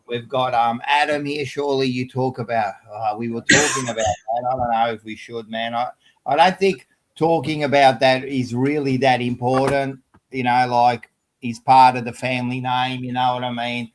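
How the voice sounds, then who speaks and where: A man's voice: medium pitch, steady tone, normal speed, a little hiss or hum. An Australian man hosting a casual live-stream chat, laid-back and chatty. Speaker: host.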